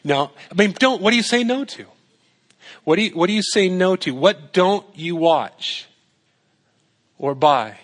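A man's voice: high-pitched, lively intonation, unhurried, long pauses. A man preaching a sermon in a conversational way, asking rhetorical questions and repeating his points for emphasis. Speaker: pastor.

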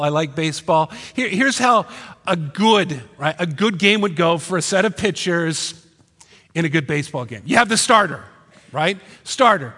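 Man, pastor, sermon, animated rhetorical questions, high voice, hall reverb.

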